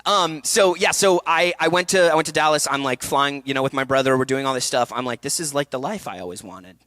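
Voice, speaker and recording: A young man speaking candidly at a festival talk, telling a personal story with energy and quick asides. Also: medium pitch, dry recording. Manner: energetic, candid storytelling with laughs and acted quotes. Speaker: actor and speaker. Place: event hall.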